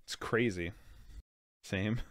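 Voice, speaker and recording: Stuffy sleepy guy doing a movie watch-along, kinda low smooth voice, lots of "like", dry sound. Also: drawn-out words, no room sound. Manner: rambling, filler-heavy, says "like" often. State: stuffed-up nose and sleepy, yawning. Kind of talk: casual movie reaction commentary.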